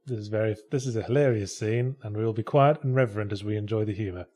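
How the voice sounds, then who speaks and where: A man's voice: on the low side, fast, mellow. A man who made the game, giving casual commentary in a dry, wry, matter-of-fact way. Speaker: game developer doing commentary.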